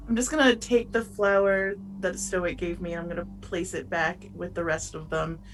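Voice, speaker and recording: A woman's voice: lowish voice, steady tone, a little slow, distant mic, faint music behind, poor audio. A woman playing a tabletop game, giggly and easily flustered. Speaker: player. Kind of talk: tabletop role-play chat.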